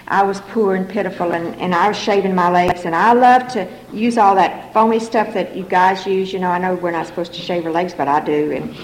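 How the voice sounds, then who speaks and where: A woman's voice: lowish voice, fairly even intonation, fairly quick, hardly any pauses, echoey room, slight background noise, poor audio. An older woman sharing her personal story at a recovery meeting, frank and folksy, with a wry sense of humor. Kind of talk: personal testimony to a meeting audience.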